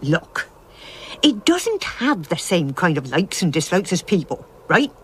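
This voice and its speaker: A woman's voice: fairly low pitch, sing-song, unhurried, slight background noise. A woman voicing a stern, proud old witch in a cartoon, haughty and disapproving. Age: older. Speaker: head witch. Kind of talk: animated cartoon voice acting.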